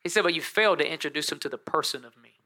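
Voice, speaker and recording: Male pastor, sermon delivery, bright forceful voice, animated storyteller with playful asides. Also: a little high, rapid-fire.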